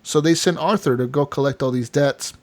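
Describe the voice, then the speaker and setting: A man's voice: a little high, a little fast, a little mellow. A man co-hosting a gaming podcast, rambling through game stories with lots of "like" and "dude". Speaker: podcast co-host. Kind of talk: casual chat.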